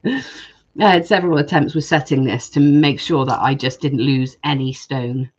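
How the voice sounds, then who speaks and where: A woman's voice: sits low, moderate pace, a little mellow, breathy edge, muffled recording. A woman hosting a live jewellery-making stream, chatting casually and reading viewer comments aloud.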